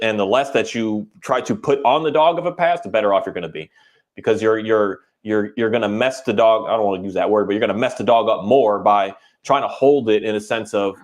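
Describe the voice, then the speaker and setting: A dog trainer chats on a casual podcast, animated as he tells stories and acting out the voices he quotes. His voice is lowish.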